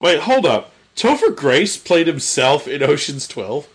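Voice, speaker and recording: A man chatting on a comedy podcast, riffing excitedly about movies. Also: on the high side, measured pace, husky. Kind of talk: casual comedic podcast chat.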